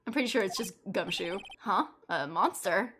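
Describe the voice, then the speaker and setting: A woman voicing a dry, unimpressed young male lawyer in a flat, deadpan way. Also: medium pitch, moderate pace, a little hiss or hum, voice pushed down, close to an everyday voice.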